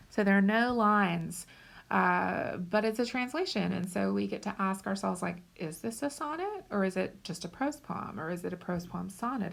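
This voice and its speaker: A woman teaching a recorded lecture over slides, unhurried and checking in often with the listener. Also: medium pitch. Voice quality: creaky. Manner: unhurried, checks in with "okay?" and "right?".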